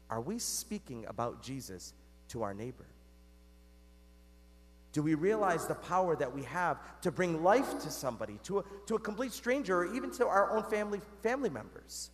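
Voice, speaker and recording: A man delivers a homily from the pulpit in a high voice that swoops up and down with animated energy. He keeps it conversational, asking the congregation questions and calling them "guys." A long church reverb trails behind every phrase. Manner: conversational, talks straight to the congregation with rhetorical questions. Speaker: Catholic priest. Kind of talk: sermon.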